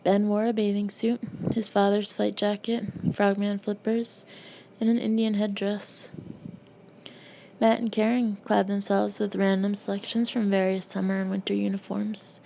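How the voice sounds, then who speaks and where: Woman audiobook narrator, gravelly, dark tone, steady reading, dull lo-fi home recording. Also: medium pitch, normal speed. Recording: dull lo-fi recording with faint hiss.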